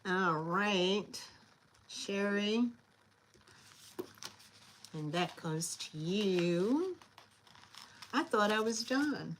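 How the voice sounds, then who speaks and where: A woman hosting a live online sale, chatty and scattered, often pausing with fillers as she shows each item. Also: mid-range voice, expressive, a little hiss or hum, poor audio. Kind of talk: casual live selling chat.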